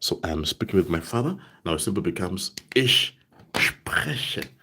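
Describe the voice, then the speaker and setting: Low husky guy teaching german live, slow, keeps asking "right?". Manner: slow, drawn-out example sentences, frequent "right?" checks. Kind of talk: live online language lesson.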